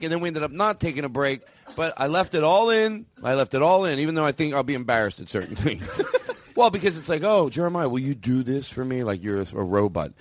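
Podcast host guy, goofy and chatty, pitch bouncing everywhere, laughing a lot. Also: fairly bright tone, a little hiss or hum. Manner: playful, laughing, rambling. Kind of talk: casual comedy podcast chat.

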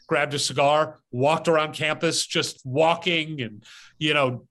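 A man's voice: on the high side, steady tone, unhurried, bright, forceful tone. A man hosting a podcast, telling a casual story outdoors and animatedly acting out his own part. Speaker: podcast host. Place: outdoors as rain starts.

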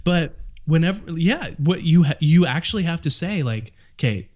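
A man's voice: fairly high pitch, expressive, moderate pace, darkish tone. A man appearing as a guest on a podcast, chatting casually and teasing the host. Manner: joking, playful teasing. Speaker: guest author on productivity.

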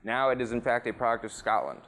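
A man's voice: mid-range voice, expressive, quick pace, fairly bright tone, a little hiss or hum. A man guest on a podcast, chatting in a loose, profane, storytelling way, recorded in a rum bar. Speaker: guest, rum brand representative. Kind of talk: casual storytelling interview.

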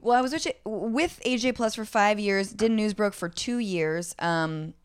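A woman's voice: medium pitch, unhurried, clear, resonant tone, no room sound, studio quality. A woman in her thirties chatting casually as a podcast guest, jokey and self-deprecating. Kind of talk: casual conversation.

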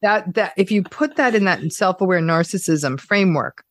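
A woman clinical psychologist talking casually on a podcast, animated and playful, acting out everyday examples. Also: fairly low pitch, normal speed.

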